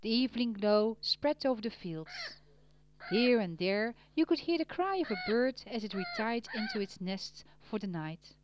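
A woman reading a storybook aloud, gentle and expressive, trailing softly at sentence ends. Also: a little high, normal speed, slight background noise. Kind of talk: storybook narration.

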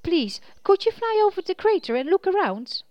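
A woman voicing a brave, worried man in a children's storybook who calls out loudly. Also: extremely high pitch, big pitch swings, normal speed, no echo, muffled recording, voice pushed up. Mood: earnest.

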